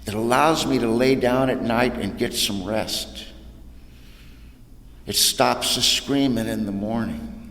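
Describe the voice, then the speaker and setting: A man's voice: mid-range voice, slow pace, a bit bright. A man from California telling his own recovery story at an AA meeting in a folksy, storytelling way, dropping "man" and "you know" as he goes. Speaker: AA speaker. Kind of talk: personal recovery talk. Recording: echoey hall, faint room noise.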